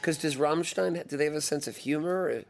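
Gravelly-voiced man telling stories. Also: a little high, normal speed, soft background music. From Texas. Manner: animated storyteller, laughs easily. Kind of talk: casual chat.

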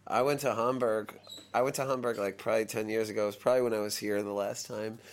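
Brief: male host, casual storyteller, gravelly texture. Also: fairly low pitch, fast talker, a little hiss or hum. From Texas. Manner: animated storyteller, laughs easily. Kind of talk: casual chat.

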